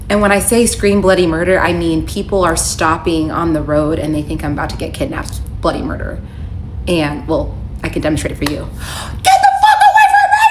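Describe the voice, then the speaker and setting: A woman telling her own story to camera in a casual, candid and animated way, reading out texts as she goes. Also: fairly low pitch, a little hiss or hum. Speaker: storyteller recounting her divorce. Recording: echoey room, faint ambience.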